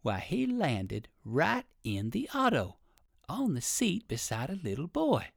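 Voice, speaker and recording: A man reading an old children's storybook aloud, with lively sing-song storytelling. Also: a little high, slow, gravelly, slightly rough, no echo, studio quality. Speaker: audiobook reader.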